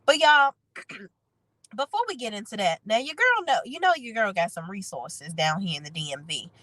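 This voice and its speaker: A woman's voice: mid-range voice, expressive, normal speed, sharp tone, no echo, low-quality recording. A woman reviewing a reality TV episode in chatty, sassy casual commentary, her voice nasal and congested from a cold. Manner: chatty, sassy, talks straight to viewers.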